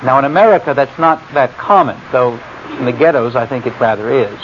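A man's voice: mid-range voice, brisk. A man giving an informal Bible lecture, talking in a digressive, conversational way with asides and fillers. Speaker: Bible teacher. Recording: muffled lo-fi recording with faint hiss.

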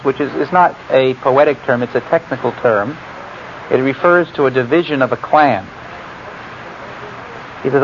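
This Bible teacher, a man with a medium-pitched voice, talks at normal speed with long pauses in a casual, meandering lecture packed with fillers and asides. The lo-fi recording is muffled, with a faint hiss.

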